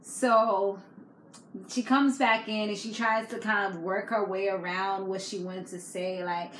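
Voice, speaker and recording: A woman's voice: medium pitch, flat delivery, a little slow, fairly bright tone. A woman vlogger recapping a reality TV episode in a chatty, slangy way, laughing often. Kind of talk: casual chat. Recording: echoey room with faint background noise.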